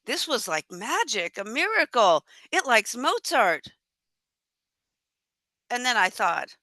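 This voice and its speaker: A woman telling a tall tale at a live storytelling event, animated and acting out her own thoughts and dialogue. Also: high voice, measured pace, dry recording.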